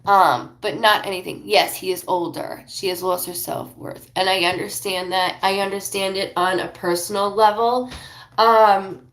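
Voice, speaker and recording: A woman giving a live psychic reading, rambling and emotional, talking in quick bursts. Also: mid-range voice, fairly bright tone, reverberant. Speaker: psychic reader.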